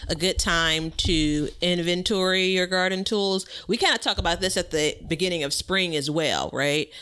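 Bright, chatty woman gardening host. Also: fairly low pitch, normal speed, clean tone. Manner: laughs often, chatty, explains gardening tips. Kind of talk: casual chat.

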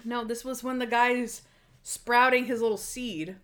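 A woman's voice: a little high, steady tone, a little slow. A woman co-hosting a casual podcast chat about a TV episode, acting out the characters' lines in playful voices. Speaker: podcast co-host.

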